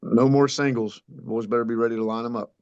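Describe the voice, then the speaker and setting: A man's voice: mid-range voice, fairly even intonation, fairly quick, darkish tone, clear, resonant tone, highs cut off. A man co-hosting a podcast, casually hyping an upcoming race with lots of hesitant fillers. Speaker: podcast co-host, race promoter. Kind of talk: casual chat.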